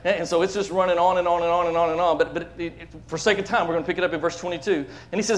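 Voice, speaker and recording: A man preaching a sermon to his church, emphatic, swinging between loud declarations and hushed asides, often repeating words. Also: high-pitched, fairly even intonation, very fast, hardly any pauses. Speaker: pastor. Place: church sanctuary.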